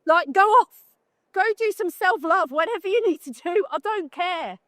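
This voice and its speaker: High-voiced blunt British woman. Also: lively intonation, a little slow, a bit bright, no room sound, studio quality. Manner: blunt, joking, chatty, asks the audience questions. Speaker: photographer giving a talk. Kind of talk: live conference talk. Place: conference talk room at a trade show.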